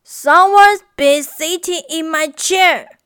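A woman's voice: very high voice, slow, fairly bright tone, voice pushed up, exaggerated voice. A woman doing a grumbling papa bear.

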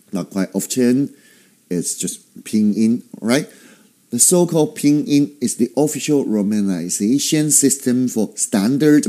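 Slow, low-voiced man teaching a lesson. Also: warm tone. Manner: slow, deliberate explaining with playful asides. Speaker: host teaching basic Chinese. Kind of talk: casual language lesson.

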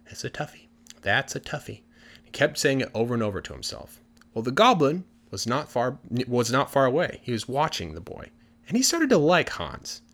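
A male storyteller reading a fairy tale aloud in an easygoing, conversational manner. He drops in casual fillers and rephrases as he goes. His pitch is lively and moves around a lot, in a middle register. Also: moderate pace. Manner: casual, with fillers like "you know" and "like". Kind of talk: casual storytelling for English listening practice.

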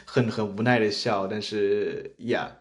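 A man's voice: on the low side, fairly even intonation. A man from China whose first language is Chinese, hosting a casual podcast chat with teasing remarks and frequent restarts. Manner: teasing, halting with many restarts. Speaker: podcast host.

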